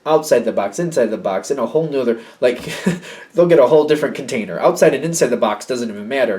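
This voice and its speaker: A man's voice: mid-range voice, lively intonation, moderate pace, darkish tone. A man giving a casual, intuitive tarot reading in a rambling, emotional way. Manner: rambling and emotional, often acting out the people in the reading. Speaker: tarot reader. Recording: slightly distant mic with faint noise.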